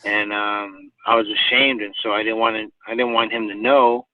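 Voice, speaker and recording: A male podcast guest with a lowish voice and flat delivery tells a personal story at normal speed, rambling with many fillers and restarts. The sound is dry, without echo, thin and tinny like a phone heard from far off.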